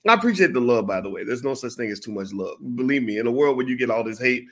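Animated man telling a story. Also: mid-range voice, rapid-fire, hardly any pauses. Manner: animated, acts out the people in his stories. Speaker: vlogger. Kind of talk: casual storytelling.

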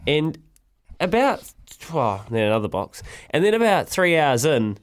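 Animated Kiwi radio host, higher voice. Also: male voice, unhurried. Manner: animated storyteller, laughs often. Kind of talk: casual radio banter, storytelling.

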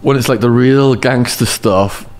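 A man's voice: medium pitch, unhurried. Guy on a podcast telling a wild story, lots of laughing, voice going all over. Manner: animated storyteller, lots of laughing and acted quotes. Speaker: podcast guest. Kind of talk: casual storytelling.

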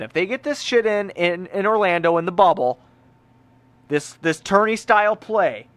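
Sports podcast co-host, male, fairly high voice, swears a lot, animated and repetitive. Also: moderate pace, dry recording. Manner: profane, animated, repeats himself. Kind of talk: casual sports podcast chat.

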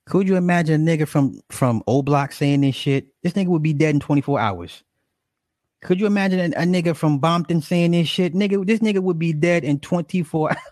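A man's voice: a little high, brisk, a little mellow, no echo, studio quality. Sarcastic, profane male commentator. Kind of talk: reaction commentary.

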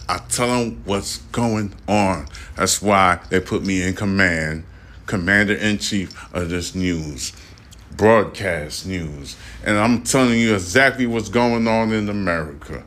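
A man hosts his own podcast from Houston and talks straight into the mic in a fairly low voice. His delivery is loud and profane, and he rants in a cynical, offhand way. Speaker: podcast host. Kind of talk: solo podcast commentary. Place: Houston, Texas.

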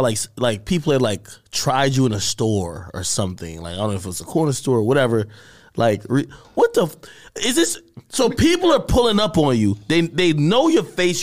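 Animated New podcast host. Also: male voice, a little high. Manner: animated, incredulous questioning. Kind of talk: podcast interview.

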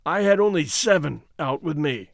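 A stern, earnest forest landowner speaks in a measured way, his pitch rising and falling widely, as a male narrator reads him. The voice sits a little high for a man and sounds dry and close to the mic, like an audio story. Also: animated, vocal fry, no echo. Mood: grim.

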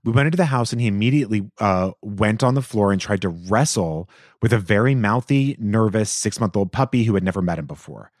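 A man hosting an advice podcast, reading a listener's letter aloud with animated, expressive delivery and the odd aside. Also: fairly low pitch, a little fast, no room sound, studio quality.

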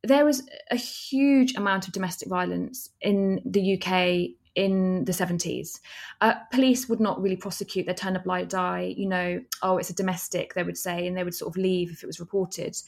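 A woman's voice: on the low side, steady tone, moderate pace, gravelly. A woman, a documentary filmmaker, answering interview questions in an earnest, explanatory way.

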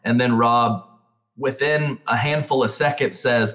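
A man's voice: mid-range voice, measured pace, a bit bright, muffled recording. A man hosting a casual podcast, asking loose questions full of fillers. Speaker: podcast host and commentator.

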